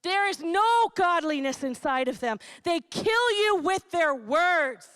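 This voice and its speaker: High-voiced, emphatic woman preacher. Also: slow, no room sound. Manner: animated, emphatic, laughs between points. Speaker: pastor. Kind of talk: sermon. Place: church.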